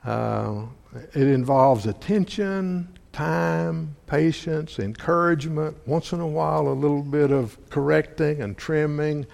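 A man preaching a sermon, halting and repeating words often, asking his listeners questions. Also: fairly high pitch, gravelly, a little mellow. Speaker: preacher or Bible teacher. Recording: long hall reverb.

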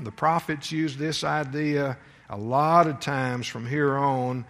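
A man teaching from the Bible in a sermon, reading verses aloud with rising emphasis and pausing with fillers as he explains. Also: a little high, fairly bright tone. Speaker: preacher teaching scripture.

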